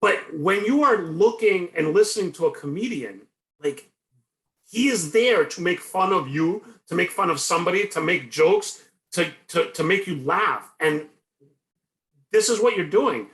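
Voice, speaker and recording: A man's voice: sits high, expressive, unhurried, a bit bright. A man co-hosting a podcast, talking loosely with many fillers in casual chat. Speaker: co-host. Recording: echoey room.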